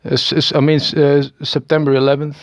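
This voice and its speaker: A man's voice: fairly high pitch, flat delivery, a little fast, dry recording, studio quality. A Dutch man in his thirties with a Dutch accent, talking in a hesitant, rambling monologue full of stammered restarts and small chuckles. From Netherlands. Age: 30s. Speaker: video maker. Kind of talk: rambling self-recorded monologue.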